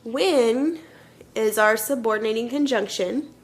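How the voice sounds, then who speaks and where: An elementary school teacher with a voice on the high side leads a children's grammar lesson at a measured pace. She explains patiently, step by step, often checking in with "okay?".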